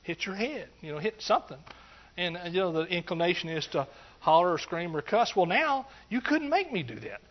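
A middle-aged preacher with a high voice delivers a folksy, joking sermon. He breaks into lively shouts of praise now and then. The recording sounds dull and lo-fi. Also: brisk. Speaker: pastor.

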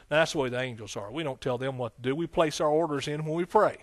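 A man's voice: a little high, fast. A man preaching a folksy, conversational sermon, with frequent amens and hallelujahs. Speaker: pastor.

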